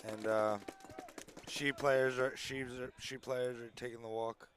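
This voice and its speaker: A man's voice: medium pitch, little pitch movement, unhurried, a bit bright. Laid-back male paintball co-caster. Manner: casual, fillers like "you know what I mean". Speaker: paintball co-commentator. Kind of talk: live sports commentary.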